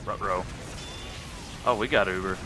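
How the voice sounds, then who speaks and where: A man's voice: low voice, unhurried, background noise. A young man streaming a game, chatting casually and answering viewers' messages as he plays. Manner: chatty, reads and answers live chat. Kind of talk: casual chat while gaming.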